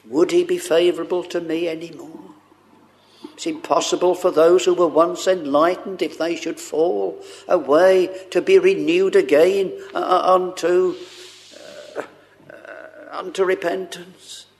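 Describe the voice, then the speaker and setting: A man delivers a sermon in a slow, unhurried cadence, pausing often and stumbling over fillers. His voice sits a little high and carries a gravelly fry. His phrasing is fervent and earnest. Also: steady tone, a little hiss or hum. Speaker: preacher.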